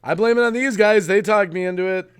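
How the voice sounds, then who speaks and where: Man, live stream host, jokey, fairly high voice, casual video call chat. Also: fast talker, clean tone. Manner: jokey, reading out viewer names.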